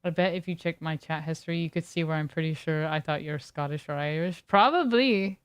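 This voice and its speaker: A woman's voice: low-pitched, little pitch movement, fast, clear, resonant tone. A woman streamer chatting casually with her viewers, reading chat aloud and riffing on it in a laid-back way.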